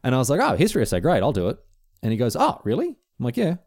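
A man co-hosting a podcast, chatting casually and telling an animated anecdote. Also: mid-range voice, racing. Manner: animated anecdote-telling, quotes friends in exaggerated voices. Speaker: podcast co-host. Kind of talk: casual chat, storytelling.

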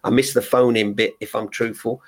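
A man's voice: mid-range voice, flat delivery, brisk. A man in his sixties with a Birmingham accent, a veteran radio broadcaster chatting frankly and jokily as a podcast guest. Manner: chatty storyteller, frank and jokey. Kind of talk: casual podcast chat.

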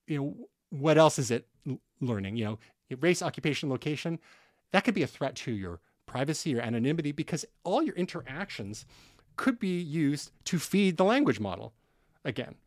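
Chatty Canadian man, higher voice, dry sound. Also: very animated, moderate pace, dry recording. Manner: conversational, explains with frequent fillers and restarts. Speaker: podcast co-host. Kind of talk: casual tech podcast chat.

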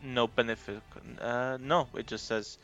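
A man's voice: mid-range voice, fairly even intonation, unhurried, a bit bright, muffled recording, faint music behind. A man playing a tabletop game, chatting casually and sounding a bit unsure. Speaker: player.

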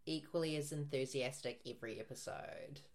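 A man's voice: on the high side, fairly quick. A man co-hosting a podcast in casual chat, playful and teasing. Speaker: podcast co-host.

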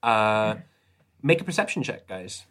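A man narrating as game master of a tabletop role-playing game, relaxed and chatty with many fillers. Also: fairly low pitch, measured pace, very noisy.

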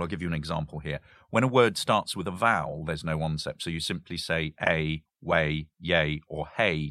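Male academic guest, low and lively, laughs between examples, dry close mic. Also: no room sound. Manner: animated, giggly, hesitant restarts. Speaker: history professor, guest. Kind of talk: casual conversation.

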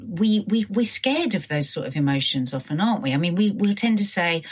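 A middle-aged British woman co-hosting a podcast, chatting casually with frequent halting restarts. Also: on the low side, animated, husky. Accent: British English. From Britain. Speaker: podcast co-host. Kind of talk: casual chat.

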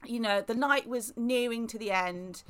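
A woman, co-hosting a casual podcast, chatty and quick to laugh. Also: a little high. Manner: chatty, laughs easily, reacts eagerly. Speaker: podcast co-host. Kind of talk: casual chat.

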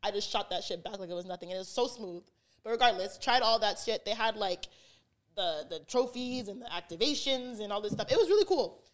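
A young adult woman, a podcast guest, telling stories in casual chat, animated and full of "like", acting out the quotes. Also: medium pitch, a little fast. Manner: animated, heavy use of "like", acts out quotes.

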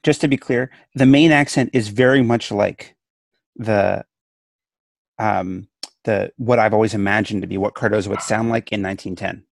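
A man with a gravelly, fry-laced voice talks through law cases in a loose, playful podcast chat. He restarts his sentences often. The recording is close and dry. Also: fairly low pitch, fairly even intonation, moderate pace, no echo. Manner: chatty, many restarts, playful. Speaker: law professor co-host. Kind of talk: casual discussion podcast.

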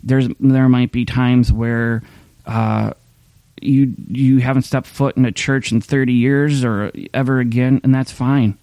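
A man's voice: mid-range voice, steady tone, measured pace, dark tone, no room sound. A man preaching a sermon in a candid, conversational way, often restarting his sentences. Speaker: pastor. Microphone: streaming camera mic.

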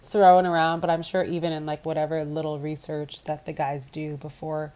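A woman's voice: deep voice, level tone, moderate pace, warm tone. A woman with a stuffy nose chatting as a podcast co-host over a video call, acting out quotes and laughing. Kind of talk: casual chat. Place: resort room.

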